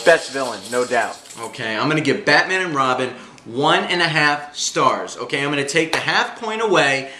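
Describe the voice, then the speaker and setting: A man's voice: fairly high pitch, expressive, normal speed, few pauses, pushed and bright. A man reviewing movies in a casual vlog, enthusiastic and slangy, joking as he goes. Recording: echoey room with faint hum.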